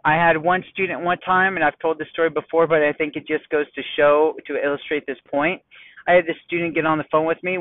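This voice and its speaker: A man's voice: a little high, little pitch movement, fairly quick, dry recording. A man hosting a solo podcast as a coach, speaking bluntly and conversationally straight to the listener. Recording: tinny phone-like dry sound.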